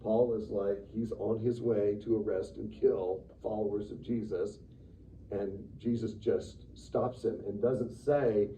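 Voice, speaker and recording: A man teaching a church Sunday school class in a lively, conversational way, acting out the quotes he reads. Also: lowish voice, takes it slowly. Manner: animated, conversational, acts out quotes with sudden loud bursts. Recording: distant, dull room recording with faint noise.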